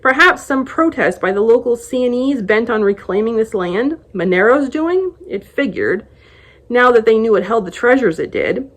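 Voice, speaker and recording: A woman and book blogger reading a first-person novel excerpt aloud with expressive storytelling. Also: on the high side, normal speed.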